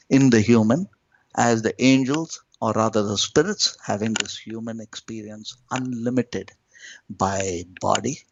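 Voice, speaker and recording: A man's voice: lo-fi sound, a little hiss or hum. Man teaching spiritual practice, swooping intonation. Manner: slow, emphatic, lilting with sudden rises and drops in pitch and loudness. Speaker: spiritual teacher, podcast guest.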